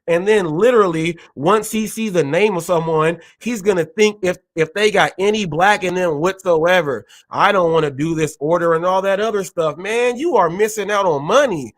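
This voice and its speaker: A man's voice: high-pitched, normal speed, hardly any pauses, dry recording. A man hosting a gig-economy show, ranting with emphatic repetition and indignation. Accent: Californian English. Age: adult, a parent. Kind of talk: heated live commentary.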